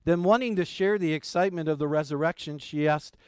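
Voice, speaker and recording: A middle-aged pastor preaching an Easter sermon, folksy and animated when telling stories, soft and gentle in prayer. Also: male voice, on the high side, brisk, hardly any pauses, smooth, dry recording, studio quality. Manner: folksy, animated storytelling with jokes.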